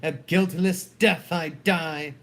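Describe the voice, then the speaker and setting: A man reading the part of a gentle, innocent young wife in a dramatic play reading, speaking softly and pleadingly. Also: on the high side, steady tone, slow. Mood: dying. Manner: pleading, soft.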